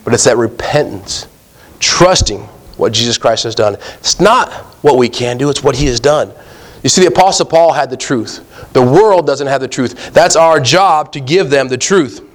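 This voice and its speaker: A man's voice: medium pitch, lively intonation, normal speed. A man preaching a sermon, reading scripture aloud and then asking his listeners emphatic, rising questions in a conversational way. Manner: addresses listeners as guys, reads scripture aloud.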